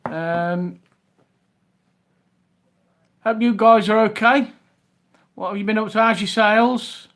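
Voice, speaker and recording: A man's voice: sits high, takes it slowly, pauses often, a bit bright. A man with a Scouse accent from Liverpool, hosting a casual live stream and chatting to viewers by name. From Liverpool, England. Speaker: reseller livestream host.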